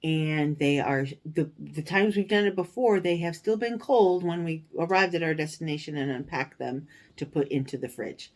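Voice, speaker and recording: A woman hosting a stitching vlog, telling a story in a casual, animated way with indignant, sarcastic asides. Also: deep voice, moderate pace, hardly any pauses. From United States. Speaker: cross-stitch vlogger, show host.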